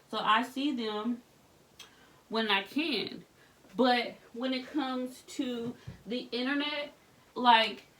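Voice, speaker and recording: A woman in her thirties with a bright, forward voice talks to her followers while tidying her bedroom. She tells candid stories with slang and plenty of feeling, sounding pregnant and a little worn. Her voice sits a bit away from the camera across the room. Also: medium pitch, recorded from a distance. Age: 30s. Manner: candid, animated storytelling with slang. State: pregnant, back aching. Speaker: vlogger. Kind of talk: casual chat while tidying. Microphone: camera set up across the room.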